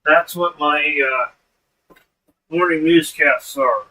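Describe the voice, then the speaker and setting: A man talks slowly and bluntly on his livestream, cursing casually and breaking into laughs. His voice sits a little high and bright. He sounds set back from the mic. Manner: blunt, swears freely, laughs often. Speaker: livestream host. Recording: voice distant from the mic.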